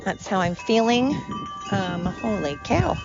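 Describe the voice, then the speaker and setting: A woman's voice: medium pitch, expressive, slow pace, gravelly, highs cut off, music in the background. A tired woman hosting her podcast at home, talking in a rambling, candid monologue. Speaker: podcast host. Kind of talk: casual personal monologue. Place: at home with pets.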